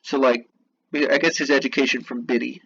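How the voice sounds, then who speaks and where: A man talks through lesson notes in an easygoing way, breaking off for offhand asides between the reading. His voice sits at an ordinary middle pitch. The recording sounds dull and lo-fi, with a faint hiss behind it. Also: fairly even intonation, brisk, vocal fry, a bit bright. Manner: casual, chatty asides. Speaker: teacher. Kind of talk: reading notes and explaining a novel.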